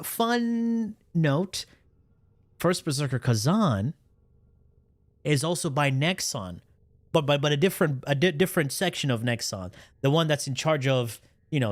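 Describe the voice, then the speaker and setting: A man livestreaming and reacting in a casual chat, animated and profane, with his pitch swinging up and down. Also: no echo, clean studio sound.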